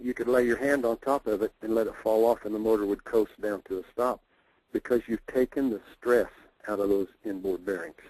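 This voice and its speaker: A man's voice: medium pitch, a little mellow, no room sound, low-quality recording. Man, technical webinar presenter, plainspoken, dry close-miked sound. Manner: plainspoken, repeats points for emphasis.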